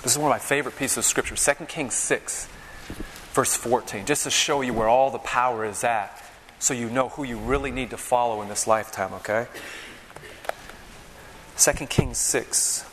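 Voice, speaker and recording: A man's voice: medium pitch, normal speed, fairly bright tone, slight background noise. A man preaching a sermon, telling vivid stories and checking in with the crowd with "okay?" and "all right?". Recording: long reverb in a large hall.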